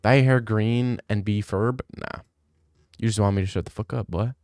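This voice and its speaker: A man's voice: fairly low pitch, darkish tone, clear, resonant tone, dry recording, studio quality. A young man streaming and reading out viewer messages in casual chat, laid-back and blunt, swearing freely.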